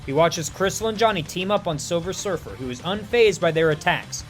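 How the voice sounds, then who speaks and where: Animated, high-voiced man telling a story. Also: fairly quick, soft background music. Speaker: fan fiction narrator. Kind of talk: reading a superhero fan story aloud.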